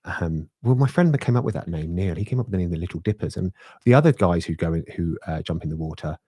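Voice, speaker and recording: A middle-aged man, co-hosting a podcast and telling an animated story with laughs and swearing. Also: deep voice, fast, slightly rough, dry recording, clean studio sound. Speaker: podcast co-host. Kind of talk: casual chat, storytelling.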